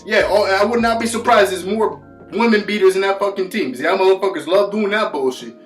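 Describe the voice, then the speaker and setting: A man's voice: high-pitched, echoey room, faint music behind. A man ranting about football in a vlog, swearing constantly and hammering his points with repetition. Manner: profane, insulting, swears constantly; rapid, forceful delivery with emphatic repetitions. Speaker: sports vlogger. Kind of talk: heated solo rant.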